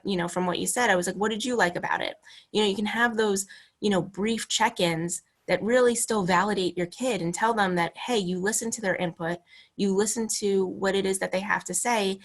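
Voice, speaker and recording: A woman presenting an online parenting talk over a video call, conversational and full of "you know" fillers. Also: medium pitch. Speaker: webinar presenter.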